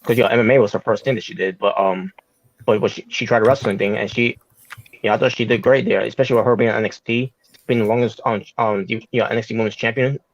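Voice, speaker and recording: A man's voice: lowish voice, fairly even intonation, fast talker, muffled recording. A man co-hosting a casual wrestling podcast, rambling with many fillers. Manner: rambling, full of fillers and restarts. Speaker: podcast co-host.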